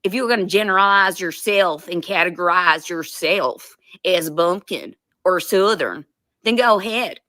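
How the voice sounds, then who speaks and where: A woman's voice: lowish voice, measured pace, pushed and bright, no room sound, clean studio sound. A woman doing a comedic impression of a foul-mouthed, defensive woman streamer who rants and curses. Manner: ranting, cursing, mocking.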